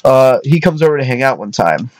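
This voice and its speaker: A man's voice: medium pitch, big pitch swings, fairly quick. A young man casually telling a storytime tale, rambling, restarting his sentences and often adding "you know what I mean".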